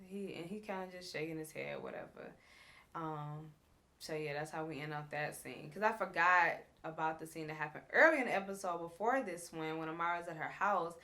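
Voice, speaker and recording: A woman's voice: low-pitched, fairly quick, sharp tone. A woman hosting a casual recap show, chatty and slangy, acting out what the cast said. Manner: chatty, slangy, retells scenes by acting out the cast's lines.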